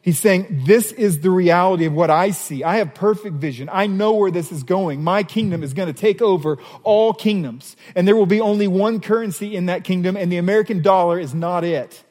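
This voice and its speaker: A man preaching a sermon as a pastor, animated, reading scripture passages aloud. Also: high voice, brisk, few pauses, in a large hall.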